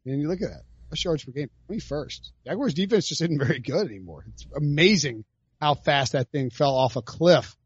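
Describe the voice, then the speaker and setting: A man's voice: fairly high pitch, animated, brisk, husky, dry recording, muffled recording. A man hosting a podcast, chatting casually about football picks with jokey asides. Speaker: podcast host. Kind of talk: casual sports betting chat.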